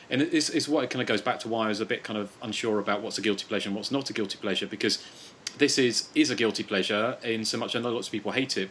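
A man's voice: on the low side, fairly bright tone, a little hiss or hum. A man hosting a casual podcast, talking about horror films in a rambling way with many fillers. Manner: rambling, chuckling, quotes films with mock moans. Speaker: podcast host.

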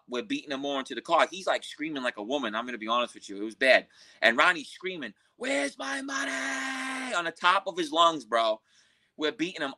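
Blunt, bright-voiced New man. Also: mid-range voice, poor audio. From Queens, New York. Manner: blunt street talk, profane. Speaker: podcast guest. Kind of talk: storytelling interview.

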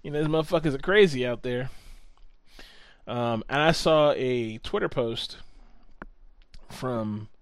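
A man's voice: mid-range voice, measured pace, pauses often, no echo. A man co-hosting a podcast in casual chat, talking in a profane, sarcastic, ranting way. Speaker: podcast co-host.

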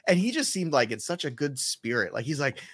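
A man's voice: medium pitch, sing-song, brisk, a bit bright, breathy edge. A man hosting a casual podcast, upbeat and promotional as he plugs the show. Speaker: podcast host.

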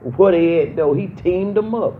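A woman's voice: fairly low pitch, moderate pace. A young woman pastor preaches to her congregation in call-and-response, hammering the same phrases again and again. The recording is muffled and a little lo-fi, with a faint hiss of background noise behind her. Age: young adult. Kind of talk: preaching a sermon.

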